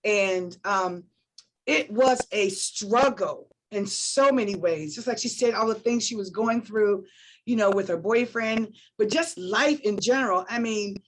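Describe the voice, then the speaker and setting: A woman's voice: mid-range voice, unhurried, rough recording. A woman guest on a talk show, speaking earnestly and emotionally about supporting a friend and repeating her points for emphasis. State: emotional, near tears.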